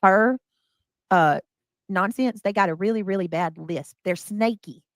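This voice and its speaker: A woman's voice: mid-range voice, a little slow, dry recording. Blunt, profane woman host. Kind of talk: casual commentary chat.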